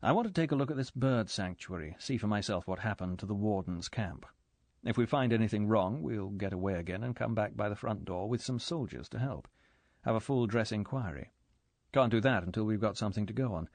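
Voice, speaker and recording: A man's voice: fairly low pitch, darkish tone, no room sound. A man as a clipped, decisive agent. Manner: brisk, clipped planning.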